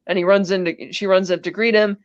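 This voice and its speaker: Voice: medium pitch, steady tone, fairly quick, no echo, lo-fi sound. A podcast co-host casually recapping a film scene by scene, in a chatty, rambling way full of "he's like" asides. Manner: rambling, chatty retelling with many "he's like" quotes.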